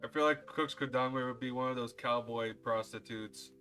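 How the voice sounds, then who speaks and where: A man's voice: medium pitch, steady tone, normal speed, bright, forceful tone, faint music behind. A man laughing through crude banter as a player at a tabletop game. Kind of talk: casual chat at a tabletop game.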